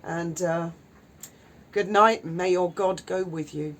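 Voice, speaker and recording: A woman's voice: lowish voice, fairly even intonation, slow pace. A woman, indignantly ranting and swearing in a vlog. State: widowed. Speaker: YouTuber. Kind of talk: angry vlog rant.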